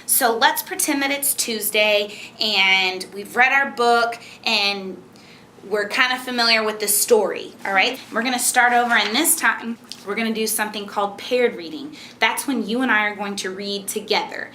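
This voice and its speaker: A woman's voice: mid-range voice, moderate pace, pushed and bright, a little hiss or hum. A woman teacher explaining a reading method step by step, patient and encouraging, and reading a children's book aloud. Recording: echoey room.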